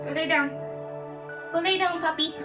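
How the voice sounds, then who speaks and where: A young woman streaming a game, chatting casually and self-mockingly with her viewers and herself while soft lo-fi music plays behind her. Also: very high-pitched, fairly even intonation, normal speed. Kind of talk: casual live-stream chat while gaming. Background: soft lo-fi background music.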